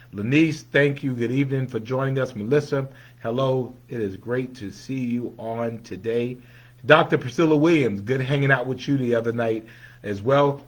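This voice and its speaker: A man hosting a relaxed livestream, calling out viewers' names with lifted, friendly greetings. Between names he sinks into quiet, muttered asides, so the level swings often. His voice sits in an ordinary middle register. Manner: greets viewers one by one by name, upbeat and friendly; swings between bright calls and low mumbled asides. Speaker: livestream host.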